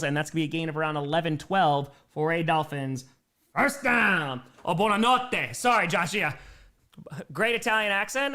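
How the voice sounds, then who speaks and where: A young American man with a high voice hosts a casual livestream, doing play-by-play and chatting with viewers. He switches between excited play calls and chatty replies to the audience.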